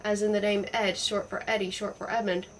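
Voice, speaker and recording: A woman's voice: medium pitch, flat delivery, brisk, far from the mic, a little hiss or hum, natural voice, low-quality recording. A woman voicing an eccentric, pompous old great-uncle who fusses over spellings.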